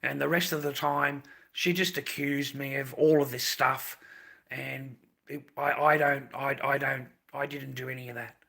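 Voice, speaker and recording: A man's voice: mid-range voice, flat delivery, measured pace, creaky, sharp tone. A man on a live stream ranting with agitation, repeating himself, stumbling over his words and swearing. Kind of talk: emotional livestream rant.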